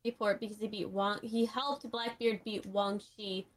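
A woman's voice: mid-range voice, level tone, unhurried. A woman guest in a casual podcast chat, explaining things at length with many fillers.

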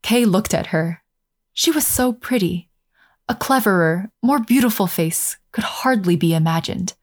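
A woman narrating a fairy tale aloud in a calm, measured way, slowing down over scenic passages. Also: mid-range voice. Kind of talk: storybook narration.

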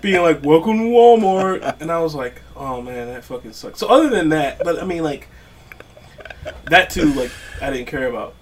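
A man's voice: a little high, expressive, normal speed, a bit bright. A young man co-hosting a podcast, telling stories in a laid-back, profane way. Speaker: podcast co-host. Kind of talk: casual storytelling chat.

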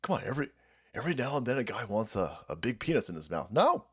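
Male streamer host, profane rant delivery, lively pitch swings. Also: quick pace, breathy edge. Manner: crude, animated, laughs often.

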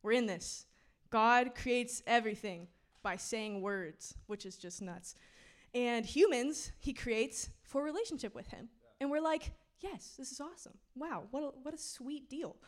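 A young woman giving a casual, slangy sermon, chatty and laughing often. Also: a little high. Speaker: preacher.

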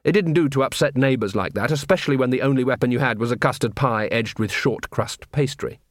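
A man narrating an audiobook with dry, measured storytelling. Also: mid-range voice, no room sound. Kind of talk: scripted narration.

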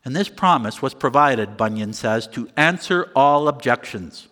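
Slow, lively-pitched preaching man. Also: big-room sound. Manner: slow, deliberate preaching with emphatic pauses. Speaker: pastor. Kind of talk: sermon.

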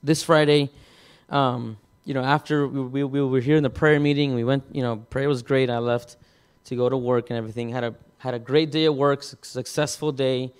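Man, pastor, sermon testimony, middle pitch, halting, repeats words. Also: steady tone, smooth.

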